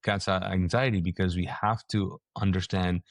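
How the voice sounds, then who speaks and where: A pastor and author appears as a guest, preaching in an animated, conversational way at a moderate pace with no echo. He's energetic and acts out quoted reactions with a rising pitch.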